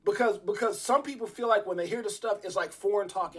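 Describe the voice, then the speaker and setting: A middle-aged man hosts a casual livestream with a high-pitched, husky voice. He tells stories in an excitable, repetitive way, circling back to his points again and again. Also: quick pace, hardly any pauses. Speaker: crypto livestream host.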